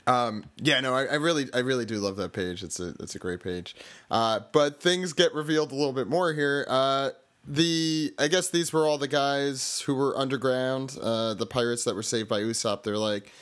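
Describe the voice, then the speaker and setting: A man's voice: mid-range voice, moderate pace, fairly bright tone. A man hosting a podcast, recapping comics in casual chat, laughing often and reading panel lines in put-on voices. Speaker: podcast host.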